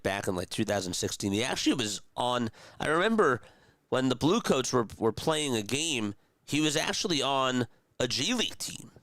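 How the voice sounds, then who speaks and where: Smooth low-voiced male play-by-play streamer. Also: fairly bright tone, dry recording. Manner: chatty, rambling asides between calls, talks to chat. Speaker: streamer doing radio-style play-by-play. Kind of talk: casual live-stream play-by-play commentary.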